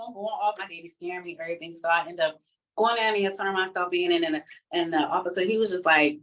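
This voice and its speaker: A woman's voice: fairly low pitch, fast talker, far from the mic, rough recording. Casual woman telling her testimony. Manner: animated, acts out the other people in her story; casual, conversational speech. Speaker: person giving a testimony. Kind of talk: personal testimony storytelling.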